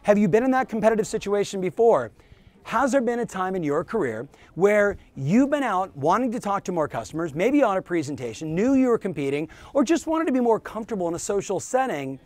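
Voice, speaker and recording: A man hosting his own show as a real estate business coach, giving an energetic, emphatic motivational talk straight to the viewer. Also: high voice, a little fast, no echo.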